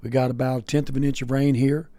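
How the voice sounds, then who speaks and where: A man's voice: mid-range voice, little pitch movement, fast talker, dark tone, no room sound. A man co-hosting a morning radio show, chatting in an easygoing, folksy way with many fillers. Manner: easygoing, folksy, lots of "you know" and "yeah". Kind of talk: casual on-air chat.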